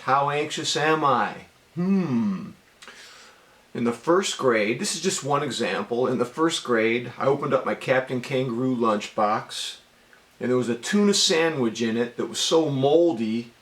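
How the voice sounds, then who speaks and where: Middle-aged guy telling his own stories, lively and chatty, roomy echo. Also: medium pitch. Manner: animated, conversational, says "man" often. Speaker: storyteller. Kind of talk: casual monologue.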